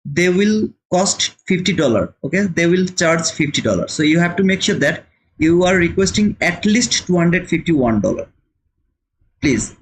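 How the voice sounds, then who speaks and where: A man's voice: on the high side, very animated, normal speed, a little hiss or hum, low-quality recording. A man hosting a live trading stream, chatting casually and answering viewers' comments, with frequent repeated words. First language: not English. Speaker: trading livestream host.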